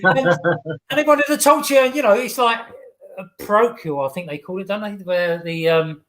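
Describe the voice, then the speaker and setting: An English man hosting a casual chat, telling stories in a halting, chatty way with many false starts. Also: high-pitched, expressive, a bit bright. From England.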